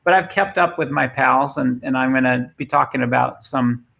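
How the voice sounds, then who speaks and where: A man's voice: medium pitch, moderate pace, creaky, a bit bright, lo-fi sound. A man with a Boston accent giving a conversational remote talk, often repeating words as he starts a thought. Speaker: guest speaker.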